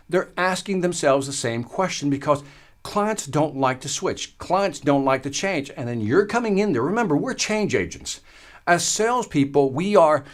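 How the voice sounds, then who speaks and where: Animated man giving a sales training talk. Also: on the high side. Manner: animated, emphatic storytelling. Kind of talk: live-streamed training talk.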